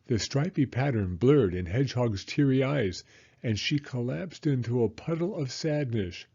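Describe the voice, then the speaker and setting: A man reads a children's picture book aloud, telling the story expressively and with animation. His mid-range voice is husky and moves at normal speed, and the recording has its high frequencies cut off.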